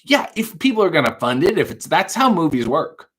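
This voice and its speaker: A man's voice: fairly high pitch, very animated, a little fast, fairly bright tone, breathy edge. A man hosting a casual late-night livestream, answering viewer chat with dry, wry quips. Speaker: livestream talk show host reading viewer chat.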